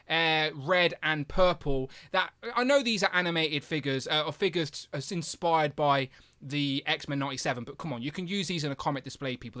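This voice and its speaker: A man hosting a live stream, chatting casually and enthusiastically with lots of fillers. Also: fairly high pitch. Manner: animated, with big jumps in loudness. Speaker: host of a toy review live stream.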